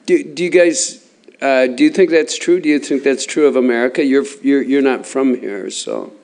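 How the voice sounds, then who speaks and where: A man interviewing guests in a casual chat, asking questions haltingly, with many ums and repeated words. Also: medium pitch, darkish tone.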